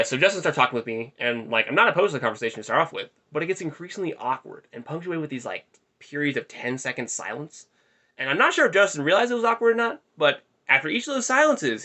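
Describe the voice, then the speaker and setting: A man's voice: on the high side, pushed and bright. A young man telling a rambling, self-deprecating story in a casual vlog, recorded in his bedroom. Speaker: vlogger.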